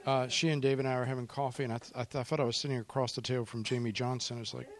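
A man's voice: mid-range voice, level tone, racing. A man, a pastor, speaking to his congregation with emotion and then leading a prayer. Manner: emotional, softly spoken then fervent in prayer. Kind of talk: church talk and prayer. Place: church service.

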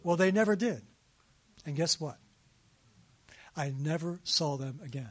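A man in his sixties telling a personal story in a sermon, animated and laughing at himself. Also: a little high, measured pace. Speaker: speaker at a faith gathering.

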